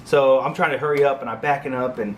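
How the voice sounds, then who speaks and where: A man in his thirties recounts a story from his time as an Air Force crew chief, rambling through it with fillers and joking asides. His voice sits at an ordinary middle pitch. A faint hum of background noise runs under the recording. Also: steady tone, quick pace. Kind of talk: casual storytelling vlog.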